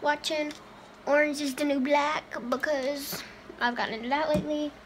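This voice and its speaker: A woman's voice: high voice, steady tone, moderate pace, noisy background. A young woman, vlogging casually through her day, chatty and scattered, tired and hiccuping. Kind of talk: casual vlog chat to camera.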